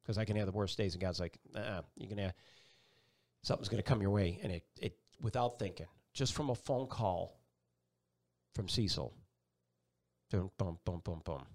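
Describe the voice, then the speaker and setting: Middle-aged male guest, storyteller, animated delivery, voices the people in his anecdotes. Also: sits low, normal speed, pauses often. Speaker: chief meteorologist, guest. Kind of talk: personal storytelling in an interview.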